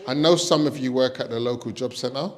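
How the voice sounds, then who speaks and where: A man doing a stand-up comedy set, deadpan setups with loud high punchlines. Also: brisk. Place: stage before a live audience.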